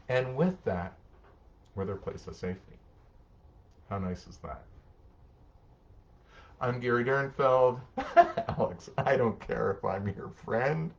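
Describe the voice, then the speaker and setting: A man's voice: lowish voice, highs cut off. A middle-aged man, a social worker, giving casual parenting advice and answering viewer comments. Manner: warm, conversational, acts out short parent-child exchanges. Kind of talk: live-streamed advice talk reading comments.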